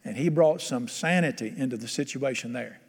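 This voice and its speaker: A man's voice: medium pitch, normal speed, gravelly, breathy edge, big-room sound. A man preaching a sermon to a congregation, conversational and often quizzing his listeners. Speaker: pastor.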